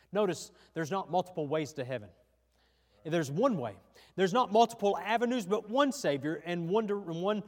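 Male pastor, slightly high voice, folksy sermon delivery, echoing church hall. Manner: folksy preaching with frequent restarts. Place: church sanctuary.

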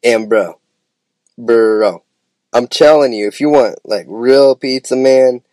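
A man's voice: medium pitch, takes it slowly, dark tone, no echo. A man from Idaho hosting a casual solo podcast, rambling with enthusiasm and calling his listeners "man" and "bro". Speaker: podcast host.

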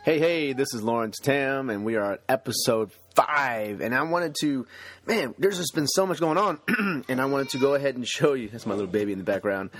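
A man hosting a motivational podcast, talking energetically with laughs. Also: fairly quick. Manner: energetic, laughing, swinging pitch. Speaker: podcast host.

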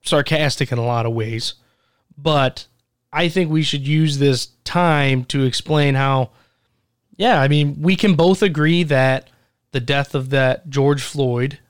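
A man co-hosting a podcast, giving his opinions in a measured but blunt way. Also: mid-range voice, clean tone, dry recording, studio quality. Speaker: podcast co-host. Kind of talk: casual podcast chat.

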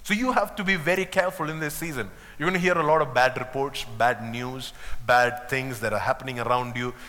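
A man preaching a sermon, emphatic and lively, acting out the people he quotes with humor. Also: mid-range voice, fairly quick, in a large hall.

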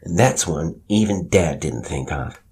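A self-assured thirteen-year-old boy, as a male narrator puts him on, sardonic and eager. The narrator lifts his low voice for the boy. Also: animated, slow, a little mellow, slightly rough, full character voice. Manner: sardonic, earnest.

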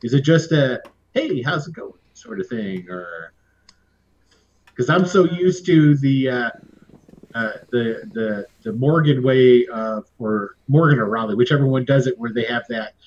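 A man running a tabletop role-playing game as game master, relaxed and full of fillers as he checks the rules. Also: mid-range voice, unhurried. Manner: relaxed, asks rules questions with many fillers. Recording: muffled lo-fi audio.

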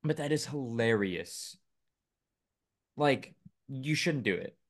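A man co-hosts a casual podcast, reading news items aloud and filling them with fillers and joking asides. His medium-pitched voice is expressive, and he takes his time.

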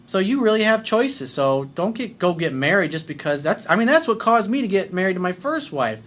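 A man's voice: high-pitched, very animated, brisk, a bit bright. A middle-aged man giving blunt, profane dating advice as the host of his own show.

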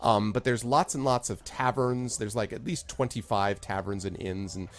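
Low-voiced man running a tabletop game. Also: moderate pace. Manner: relaxed, rambling, many fillers. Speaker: game master.

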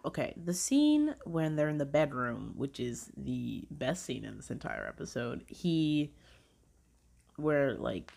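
A woman chatting casually in a gushing, excitable way, with heavy filler words, frequent laughter and some swearing. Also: sits low, a little slow, creaky. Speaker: vlogger reviewing dramas. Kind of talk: casual chat.

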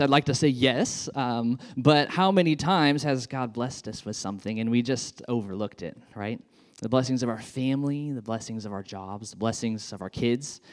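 A man, a children's pastor, giving a sermon in an enthusiastic, conversational way with frequent fillers. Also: medium pitch.

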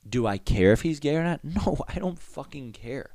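A man's voice: on the high side, normal speed, no echo. A young man in a casual comedic rant, rambling and profane, spoken close to the mic. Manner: profane, rambling, animated riffing.

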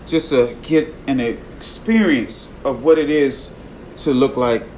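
A man preaching a sermon in a conversational way, often tagging his points with "right?" and swinging from loud emphasis to a hushed voice. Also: medium pitch, slow pace, a little hiss or hum, low-quality recording. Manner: conversational, tags lines with "right?".

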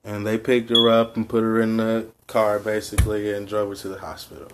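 A man, co-hosting a casual podcast, reading a news story aloud in a laid-back, low-key way. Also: completely flat delivery, brisk, a little hiss or hum. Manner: laid-back, low-key delivery, calls himself high all the time. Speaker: podcast co-host.

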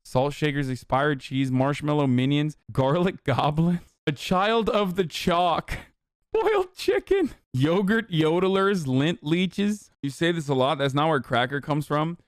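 A man's voice: on the high side, fairly even intonation, unhurried, hardly any pauses, clean tone, no room sound, studio quality. Profane, mocking male streamer. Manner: mocking, rants loudly with frequent cursing. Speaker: streamer reacting to clips. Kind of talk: profane reaction commentary.

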